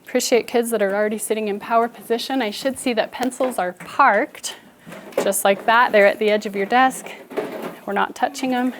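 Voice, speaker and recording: A woman's voice: fairly high pitch, steady tone, normal speed, noisy background. A woman teaching a class, leading a phonics drill with firm, rhythmic call-outs and encouragement.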